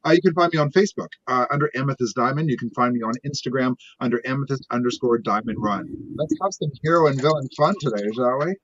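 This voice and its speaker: A man's voice: medium pitch, fast, few pauses, slight background noise. A man in drag as a co-host, playful and campy, chatting casually on a live stream. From South Central Pennsylvania, USA. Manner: playful and campy, teasing the others. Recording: dry, dull lo-fi stream audio.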